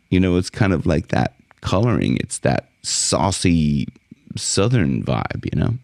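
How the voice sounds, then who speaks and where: A man teaching a singing lesson as a vocal coach, explaining technique in a relaxed way between short sung demonstrations. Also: unhurried, no echo, studio quality. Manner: speaks in a low fry, then jumps high to sing song lines in demonstrations.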